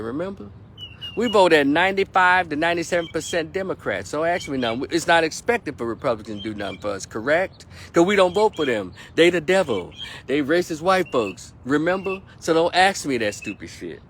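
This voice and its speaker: A man's voice: a little high, a bit bright, a little hiss or hum. Man ranting hotly in an opinion vlog. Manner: heated, profane, emphatic, repeats points for stress. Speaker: political commentator.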